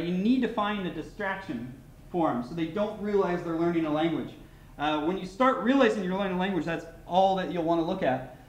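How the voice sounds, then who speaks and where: An American man speaks at a conference keynote, his voice sitting high. He talks casually, with plenty of fillers and restarts, and the sound rings around a roomy hall. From United States.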